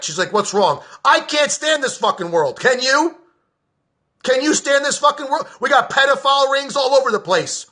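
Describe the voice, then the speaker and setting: A man delivering a furious political rant to camera, with a high, forceful voice that keeps breaking into shouts. His talk is blunt and profane, and he hammers his points as a podcaster addressing his own audience.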